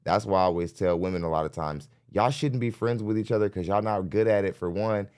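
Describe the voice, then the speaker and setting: A man with a very low, smooth and resonant voice hosts a live podcast. He reacts bluntly to a clip and talks directly to his viewers, often breaking into laughter between points. He is recorded close on a studio mic. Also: fairly quick, darkish tone.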